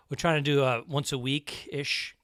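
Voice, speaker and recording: Guy cohosting a comedy podcast, halting, lots of ums, dry close audio. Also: mid-range voice, fairly bright tone, no echo. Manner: hesitant, halting, many fillers. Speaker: podcast co-host. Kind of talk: casual comedy podcast chat.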